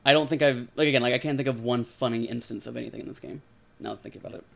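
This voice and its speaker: A man with a gravelly, fry-laden voice talks quickly on a casual podcast. He hedges and fills his sentences with "like." His pitch sits mid-range for a man. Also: fairly even intonation. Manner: fast, hedging with constant "like".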